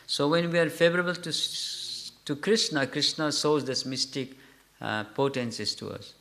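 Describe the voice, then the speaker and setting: A man with a fairly high voice teaches a scripture class, telling the story in a halting, self-correcting way. He often stops to put questions to his listeners. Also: steady tone, gravelly, a bit bright. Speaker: lecturer.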